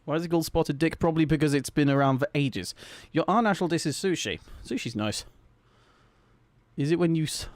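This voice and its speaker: A man's voice: on the high side, brisk, a little mellow, no echo. A young man, chatting casually with viewers on a live stream, giggly and rambling. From Britain. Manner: giggly, rambling, reacting to chat.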